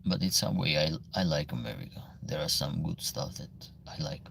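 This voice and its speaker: A very deep, gravelly Albanian-accented man hosts a casual livestream. He reads viewer comments aloud and answers them in halting, broken English, with a faint hiss of noise behind him. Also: lively intonation, a bit bright.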